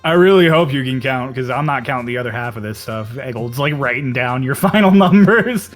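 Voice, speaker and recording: A man's voice: mid-range voice, expressive, fairly quick, faint music behind. A man narrating as dungeon master in a tabletop game, joking and laughing often.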